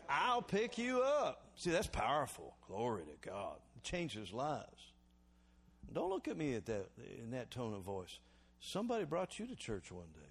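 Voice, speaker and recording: Animated preaching pastor, man. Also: mid-range voice, moderate pace, slightly rough. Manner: animated preaching, calls for congregation response; swings between loud exhortation and quiet reflection. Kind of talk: sermon.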